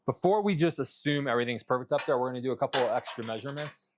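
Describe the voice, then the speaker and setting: A custom truck fabricator in a workshop vlog talks to camera rapid-fire and loosely while measuring, walking viewers through his fabrication work in a rambling way. His pitch is middle-range, and he mutters and swears to himself mid-task over background noise.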